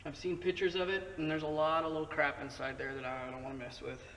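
Guy chatting through a bike repair, high bright voice, sounds far off in a big echoey space w/ faint hiss. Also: little pitch movement, quick pace. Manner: chatty, joking asides. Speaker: motorcycle channel host. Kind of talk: casual how-to commentary. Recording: distant echoey mic, faint noise.

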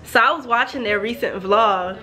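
A woman's voice: fairly high pitch, moderate pace, pushed and bright. A woman, chatting casually to her vlog viewers and telling a story with easy laughter. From New York. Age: 20s. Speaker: vlogger. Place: car and home.

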